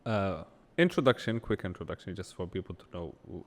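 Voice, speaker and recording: A man's voice: sits low, lively intonation, a little fast, big-room sound. A man co-hosting a casual podcast, joking and then giving earnest opinions. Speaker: co-host.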